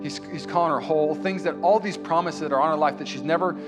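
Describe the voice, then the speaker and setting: A man's voice: fairly high pitch, quick pace, music in the background. A man preaching a sermon as pastor, telling a story with the characters' dialogue acted out. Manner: storytelling preacher who acts out dialogue and builds to impassioned, raised delivery. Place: church.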